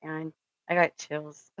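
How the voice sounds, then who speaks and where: A woman's voice: sits low, extremely slow, fairly bright tone, dry recording, low-quality recording. A middle-aged woman, host of a spiritual reading channel, in a casual, rambling motivational talk. She fills her story with ums and earnest pep talk, and swears now and then for emphasis. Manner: rambling and storytelling, with many fillers.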